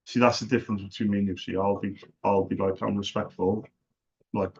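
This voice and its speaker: A man's voice: lowish voice, little pitch movement, fairly quick, vocal fry, darkish tone, husky. A man who runs a small business, chatting casually and making a sales call, earnest and repeating himself as he talks. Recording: dull lo-fi recording.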